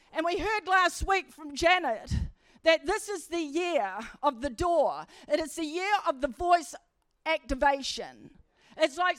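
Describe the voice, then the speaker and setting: A woman preacher giving a church sermon, telling stories animatedly and building to emphatic high points. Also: fairly bright tone, dry recording. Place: church service.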